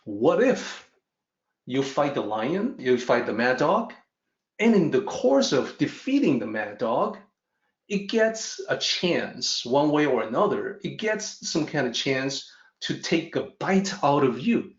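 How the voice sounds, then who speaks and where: Storybook father lion, put on by a male teacher: unhurried, reasoning, with roomy, lo-fi sound. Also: fairly high pitch, sing-song. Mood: patient. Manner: patient, reasoning. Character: calm, wise father lion, unperturbed. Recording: roomy, dull lo-fi audio.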